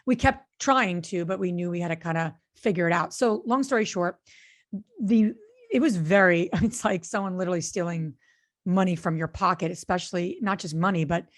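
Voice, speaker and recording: A woman's voice: on the low side, normal speed. A woman co-hosting a podcast, telling a story in casual conversation with an earnest manner and many fillers and restarts. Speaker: podcast co-host and real estate investor.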